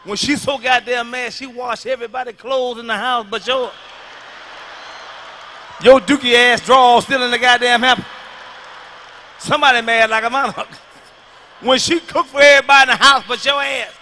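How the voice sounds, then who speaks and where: A man doing a stand-up comedy routine, loud and emphatic, hammering his punchlines over and over with a delivery. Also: extremely high pitch, fairly even intonation, normal speed, pauses often, slight background noise.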